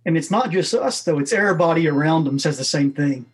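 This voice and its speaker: A man's voice: fairly high pitch, animated, quick pace, slightly rough. A man in casual chat, easygoing and self-deprecating.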